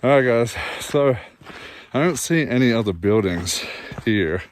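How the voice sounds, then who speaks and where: A man's voice: mid-range voice, lively intonation, unhurried, a little hiss or hum. Breathless, shaken Australian man outdoors. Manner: breathless, sighing, repeats himself. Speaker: vlogger. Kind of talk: handheld outdoor vlog. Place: woods, outdoors. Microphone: phone held in hand.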